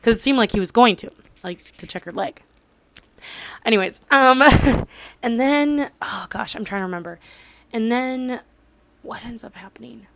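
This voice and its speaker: A woman's voice: fairly high pitch, moderate pace, gravelly, long pauses, no echo. A woman in her twenties casually recapping a drama, rambling with lots of fillers and losing track of details. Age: 20s. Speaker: drama reviewer.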